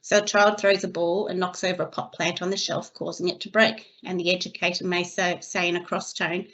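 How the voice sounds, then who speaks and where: A woman giving a scripted training webinar for early childhood educators, reading her slides in a steady, measured way. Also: lowish voice. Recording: slightly dull lo-fi recording.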